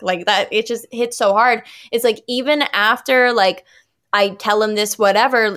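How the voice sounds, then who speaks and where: Young actress guest, slightly high voice, animated and casual, lots of fillers. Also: female voice. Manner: animated, filler-heavy storytelling. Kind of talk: casual podcast chat.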